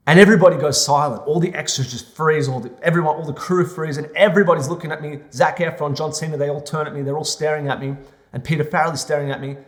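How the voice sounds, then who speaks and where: A young adult man telling a personal story in an animated monologue, acting out the other people's lines. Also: on the high side, quick pace. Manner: animated, re-enacts scenes with lively quoted voices. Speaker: vlogger.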